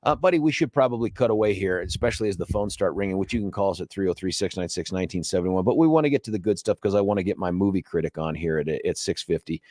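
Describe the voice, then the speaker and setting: A man's voice: fast talker, hardly any pauses, a little mellow, no room sound. A man hosting a radio talk show, telling jokey stories and acting out the other people in them. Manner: jokey storyteller, acting out dialogue with big pitch jumps. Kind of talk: casual radio banter. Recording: dry studio mic.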